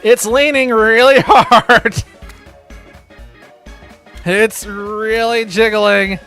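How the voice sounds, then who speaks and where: A man's voice: high voice, steady tone, drawn-out words, fairly bright tone, soft background music. A man chatting casually while livestreaming a game, joking, rambling and laughing often. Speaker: streamer. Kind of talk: casual gaming livestream chat.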